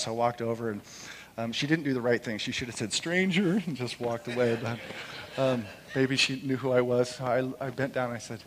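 A middle-aged man preaching a sermon in church, impassioned, moving between loud proclamation and soft, quiet storytelling. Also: medium pitch, fairly even intonation, normal speed, slight background noise. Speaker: pastor. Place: church sanctuary during a service. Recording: long hall reverb.

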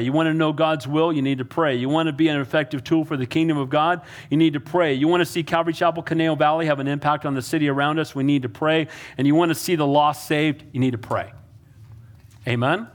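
Pastor guy preaching, pretty high voice, keeps hammering the same point and asking amen. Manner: emphatic, repetitive calls to the congregation. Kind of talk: sermon.

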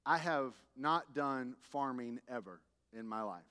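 A man's voice: mid-range voice, measured pace, hardly any pauses, pushed and bright, clean tone, long reverb tail. A man preaching a sermon as a pastor, telling humorous stories in a conversational way and rising to emphatic peaks. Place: church sanctuary.

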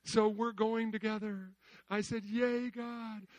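Man, pastor, sermon, very high pitch, dry close sound, call-and-response questions. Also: level tone, slow pace, dry recording, lo-fi sound. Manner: calls out questions to the congregation, swings between loud and hushed.

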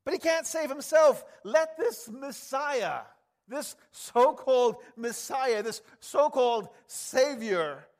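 Male preacher doing sneering mockers, high-pitched taunts. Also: expressive, slow pace, full character voice. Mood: mocking. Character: jeering crowd of mocking religious leaders.

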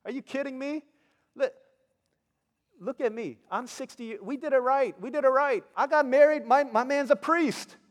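A man voicing a proud, indignant older woman who scolds in a shrill, sassy voice. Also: normal speed, big-room sound.

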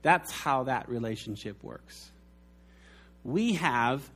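Male pastor, sermon delivery, storyteller who acts out quotes; slightly high voice. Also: lively intonation, unhurried.

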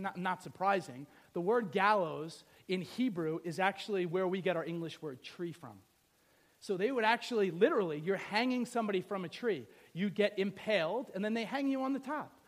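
A man with a very high voice preaches a sermon, reading scripture and explaining it. His delivery is animated and conversational, and he keeps checking in with the listeners with quick rhetorical asides. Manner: animated, conversational, asks the audience rhetorical questions. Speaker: pastor.

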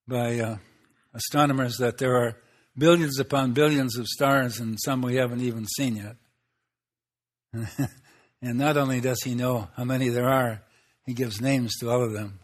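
Chuckling folksy male preacher. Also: mid-range voice. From Swedish Lutheran background. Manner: folksy, chuckling asides, rhetorical questions. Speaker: pastor. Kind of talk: sermon.

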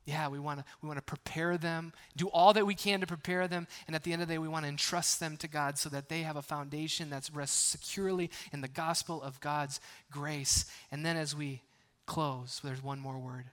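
A man pastor preaching a sermon in a conversational way, with frequent restarts and playful asides, moving between hushed, near-whispered lines and loud, emphatic bursts. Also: on the high side, steady tone, fairly quick. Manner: playful humor between earnest points.

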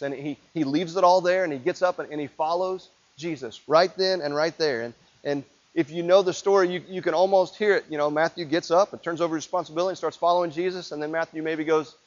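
A male preacher tells his sermon like a story, in a conversational way, and keeps asking his listeners questions. His voice is high for a man. The recording sounds dull and lo-fi. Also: fairly even intonation, quick pace, few pauses. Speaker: pastor.

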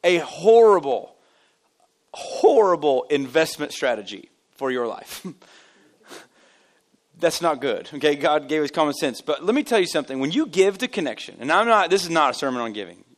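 Joking, animated male pastor preaching. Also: a little high, normal speed. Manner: animated, joking, self-deprecating storyteller. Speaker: lead pastor. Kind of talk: casual conversational sermon. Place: church service.

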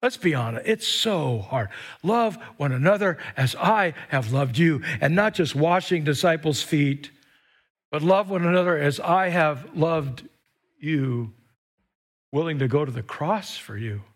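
High-pitched preacher guy, fired up, calls the crowd to repeat after him, mic'd in church. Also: measured pace. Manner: animated preaching with call-and-response and whoops. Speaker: pastor. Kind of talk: sermon. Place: church with live stream. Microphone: microphone.

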